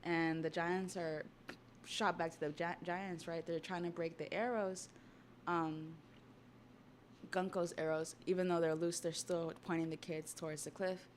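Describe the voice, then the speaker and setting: A young woman on a casual livestream, talking through a story with excitable chatter and offhand swearing. Her voice sits a little low. It is recorded on a desktop mic. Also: a little slow, a little hiss or hum. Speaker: streamer.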